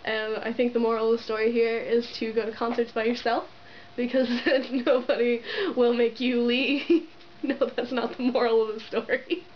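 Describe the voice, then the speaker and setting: Giggly young woman vlogging, kinda high voice, says like constantly, muffled camera sound. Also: flat delivery, moderate pace. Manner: giddy, giggly, gushing, lots of "like" fillers. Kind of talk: excited casual storytelling to camera. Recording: dull lo-fi camera audio with faint hiss.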